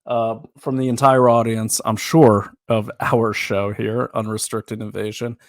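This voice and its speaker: A man's voice: lowish voice, flat delivery, unhurried. A man hosting a podcast in casual chat, with a dry joking manner. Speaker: podcast host.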